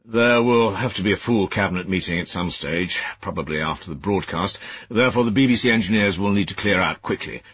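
A man's voice: low voice, a little fast, a bit bright, slightly rough, no room sound, dull audio. A man voicing a stern older former soldier, a senior private secretary who speaks in clipped, commanding, disapproving tones.

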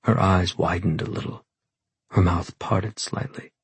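A man reads a first-person novel aloud with a low, intimate delivery. His voice is gravelly and very husky, and the recording is dry and close with no room sound. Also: fairly even intonation, a little slow, no echo. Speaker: audiobook narrator.

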